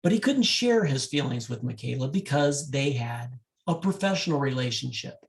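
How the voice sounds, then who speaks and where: A man working as a wedding DJ, speaking directly to couples and telling a love story in an animated way. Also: medium pitch, moderate pace, gravelly.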